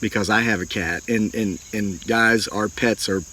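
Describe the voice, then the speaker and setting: A man's voice: on the low side, normal speed. Earnest middle-aged man telling a story. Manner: folksy, earnest, animated retelling with acted quotes. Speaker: homesteading channel host. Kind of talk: storytelling monologue.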